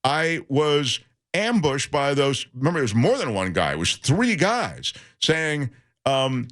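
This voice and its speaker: A man's voice: medium pitch, normal speed. A middle-aged man, a guest radio host, telling stories in casual chat and acting out the voices of the people he quotes. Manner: animated, acts out quoted voices.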